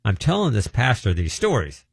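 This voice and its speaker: Brief: middle-aged man, low voice, dry close sound, loose rambling testimony. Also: huge pitch swings, normal speed, vocal fry, breathy edge, dry recording. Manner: loose, meandering, breaks off mid-sentence. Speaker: deliverance minister.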